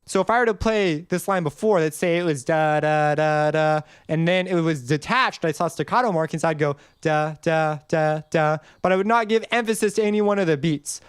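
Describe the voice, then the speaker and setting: A man with a fairly high, clean voice talks quickly with few pauses, and there's no echo. He runs a casual screen-recorded music theory tutorial, rambling loosely through explanations and singing notes to illustrate each marking.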